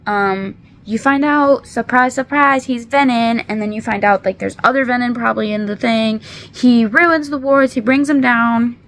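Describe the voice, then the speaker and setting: A woman in her twenties, a book reviewer, casually recaps a book in a slightly high, fairly bright voice at normal speed. She rambles and apologizes, uses many fillers, and seems to be holding back tears.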